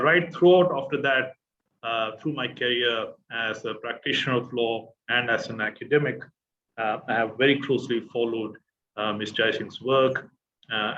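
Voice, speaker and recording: A man's voice: medium pitch, fairly bright tone. Middle-aged man introducing a speaker, lots of uhs, dull lo-fi audio with faint hiss. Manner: hesitant, many filler sounds. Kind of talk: formal introduction.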